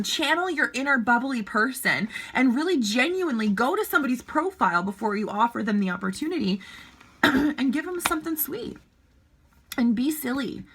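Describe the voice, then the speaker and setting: Bright, bubbly chatty woman. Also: a little high, slightly rough. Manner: bubbly, chatty, keeps checking in with the viewer. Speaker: network marketing team leader. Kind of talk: casual vlog advice. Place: child's bedroom at home.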